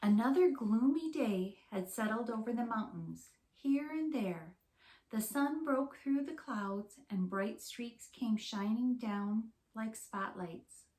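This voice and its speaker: A woman teacher reading a storybook aloud to young children in a slow, clear, expressive way. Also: fairly high pitch. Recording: roomy echo.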